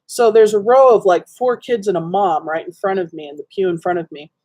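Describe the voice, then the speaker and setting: A woman's voice: medium pitch, fairly quick, warm tone. Woman rambling into her webcam at home, lots of ums and likes, just chatting. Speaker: livestream host. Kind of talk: casual chat to viewers. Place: dim room at home.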